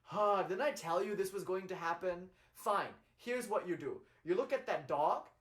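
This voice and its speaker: A man voicing a stern old yogi sage who talks in an unhurried, dismissive way. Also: high-pitched, natural voice.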